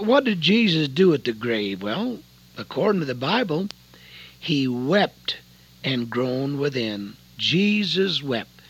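A man's voice: mid-range voice, creaky, fairly bright tone, husky, rough recording. An older man preaching a folksy radio sermon from his home radio room, pleading with listeners and telling personal stories.

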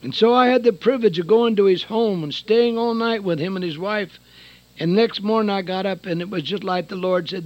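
An older man preaching a sermon and telling his own testimony, dropping to a hush and then rising loud again, from a radio broadcast. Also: high-pitched, animated, fairly quick, no room sound, highs cut off. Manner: dramatic, swings from hushed to loud.

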